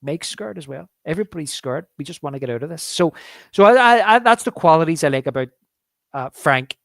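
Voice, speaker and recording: His voice runs on the high side, with lively intonation and a fairly bright tone, captured cleanly in the studio without echo. As a movie podcast co-host, he casually reviews films, halting and restarting often while he recounts scenes and performs lines.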